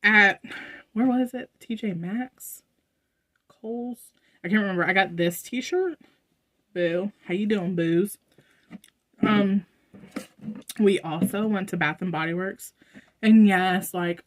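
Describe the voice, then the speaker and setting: A woman's voice: medium pitch, takes it slowly, long pauses, slight background noise. A young American woman, a vlogger chatting casually to her viewers, rambling with fillers and asides. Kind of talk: casual haul vlog. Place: indoors at home.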